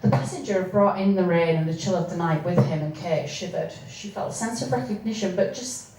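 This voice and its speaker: A woman reading from her own novel, with hesitant spoken asides between steady passages. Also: on the low side, brisk. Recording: echoey room, distant mic, faint noise.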